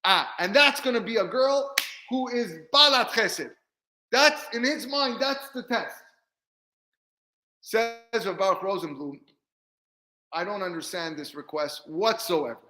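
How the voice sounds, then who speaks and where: A man, a rabbi, teaching a weekly Torah class in a lively way, acting out bits of dialogue and often repeating words. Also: high-pitched, unhurried, pauses often, roomy sound, rough recording. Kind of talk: Torah lesson.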